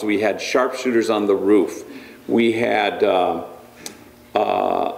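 A man's voice: on the low side, reverberant. A man, a priest, giving a storytelling lecture with humor and frequent restarts. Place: lecture hall.

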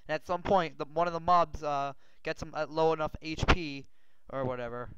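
Guy narrating his game, rambly and jumpy, gets loud and swears when stuff goes wrong, kinda muffled lo-fi mic but smooth voice. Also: on the high side, moderate pace. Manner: rambling, excitable, yells and swears when panicked. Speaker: gaming channel host. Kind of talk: gameplay commentary. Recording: dull lo-fi mic.

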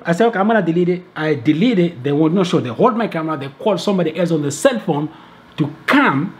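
Animated man. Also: a little high. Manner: animated retelling, repeats words and restarts. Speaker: travel video creator. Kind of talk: casual storytelling to camera.

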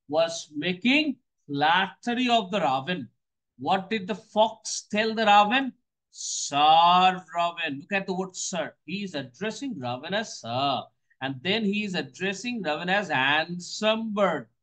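A man's voice: sits high, a bit bright, poor audio. A man explaining a poem line by line as a teacher. He repeats key phrases and poses questions, then answers them himself. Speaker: English teacher.

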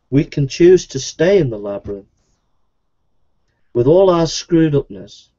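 A man delivers an evangelistic sermon in a pleading, repetitive way, his voice now and then rising high. His tone is dark and mellow. The recording sounds dull and lo-fi. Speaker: preacher.

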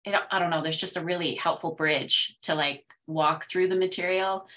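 A woman student talks earnestly in a casual group chat, pausing and restarting often. Her voice is lower-pitched with a bright, forward tone. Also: steady tone. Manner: earnest, halting, many fillers. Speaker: mentoring student.

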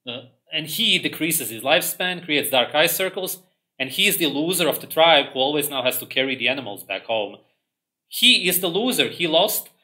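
A man hosts a livestream in a contemptuous, ranting monologue. His voice is bright, forceful and fairly high for a man. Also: animated, normal speed. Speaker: livestream host.

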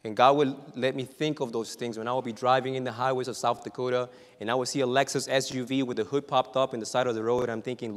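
A man preaching from the pulpit in a mid-pitched voice, telling humorous stories and building to loud, emphatic peaks after quiet, hushed passages. His voice carries a long reverb tail from the church hall around him. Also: fairly even intonation, fast, hardly any pauses. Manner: dramatic, shifting from hushed to loud; humorous storytelling. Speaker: pastor. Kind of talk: sermon. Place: church sanctuary.

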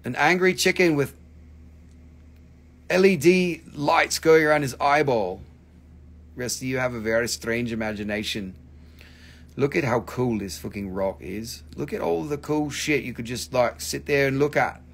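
A man's voice: medium pitch, normal speed, gravelly. A man hosting a casual live stream where he sells rocks and crystals, joking, rambling, and swearing freely. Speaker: crystal shop host.

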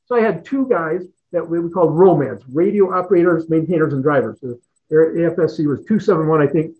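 A man's voice: a little high, fast, a little hiss or hum. A middle-aged man telling stories as an interview guest, rambling, repeating words and chuckling often. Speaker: guest, retired fighter pilot. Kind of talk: casual storytelling in an interview. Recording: tinny phone-like line.

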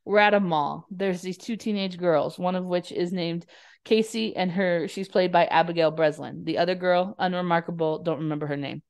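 A woman's voice: on the low side, moderate pace, dry recording, studio quality. A woman co-hosting a podcast, recapping a movie in a casual, chatty way, swearing and saying "like" a lot. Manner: chatty, swearing, lots of "like" fillers. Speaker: podcast co-host.

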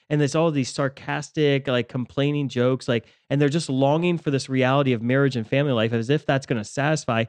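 A man's voice: mid-range voice, a little fast, hardly any pauses, a little mellow, no echo. A man co-hosting a faith podcast, talking reflectively with many fillers and restarts. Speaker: podcast co-host, ministry leader. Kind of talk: casual faith discussion.

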